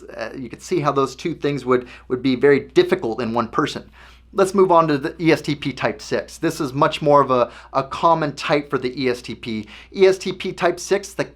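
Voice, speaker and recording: A man's voice: fairly high pitch, a bit bright. Chatty man explaining, checking in often. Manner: conversational, keeps checking in with "okay?". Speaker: host. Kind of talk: casual explanatory talk.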